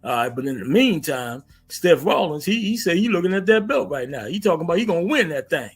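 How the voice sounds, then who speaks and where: A man hosting a casual, animated wrestling recap, stammering and repeating himself as he talks. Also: a little high, a little fast, slightly rough, soft background music. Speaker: wrestling commentary host.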